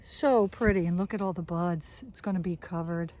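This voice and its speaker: A woman's voice: on the low side, normal speed, mellow, poor audio. Chatty woman touring her garden outdoors. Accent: South Jersey. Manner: chatty, enthusiastic, points things out as she walks. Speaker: gardener giving a garden tour. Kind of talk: casual walking garden tour.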